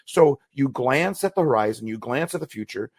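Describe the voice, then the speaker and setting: Earnest gravelly-voiced man reflecting. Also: mid-range voice, expressive, moderate pace, no echo, studio quality. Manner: earnest, reflective, repeats phrases when searching for words. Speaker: podcast co-host. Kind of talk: motivational podcast talk.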